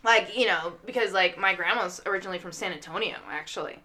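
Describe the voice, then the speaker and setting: A bright-voiced woman in a loose podcast chat, sprinkling her family stories with filler words. She talks in a relaxed, rambling way. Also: fairly low pitch, fast. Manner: chatty storyteller, lots of "like" fillers. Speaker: guest.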